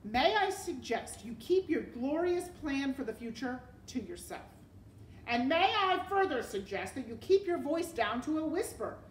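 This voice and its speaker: A woman's voice: a little high, expressive, a little fast, fairly bright tone, echoey room, a little hiss or hum. A woman reading as a scheming, condescending rat. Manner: formal, patronizing, coaxing.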